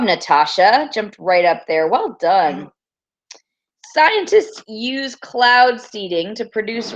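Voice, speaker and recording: A female teacher leads a classroom quiz review in an upbeat, teasing way, reading each answer choice slowly and clearly. Her voice is mid-range, and the audio sounds dull.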